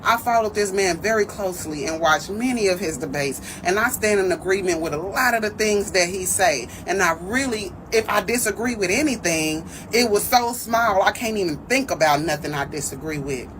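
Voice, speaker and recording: A woman's voice: medium pitch, animated, normal speed, few pauses, noisy background. A woman earnestly giving her opinion in a casual, emphatic way.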